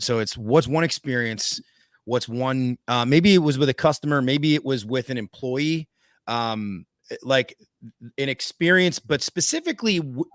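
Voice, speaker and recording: A man from New Jersey hosting a podcast, asking questions in a halting way full of fillers. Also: mid-range voice, dry recording, clean studio sound. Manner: halting, many fillers and restarts. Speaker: podcast host. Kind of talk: casual interview chat.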